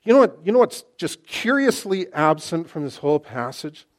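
A middle-aged man's slightly high voice moves at a moderate pace through a sermon. His delivery is excitable and conversational, and he often restarts his sentences.

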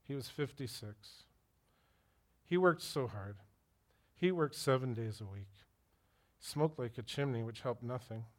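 A man's voice: mid-range voice, measured pace, long pauses. A middle-aged man preaching a sermon as pastor, telling personal stories and putting direct questions to his listeners.

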